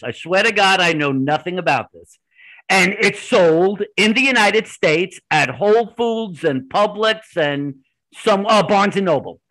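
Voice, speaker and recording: Man, interview guest, high voice, forceful tone, animated storytelling. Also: rough recording. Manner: animated, tells stories in bursts, many restarts. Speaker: podcast guest.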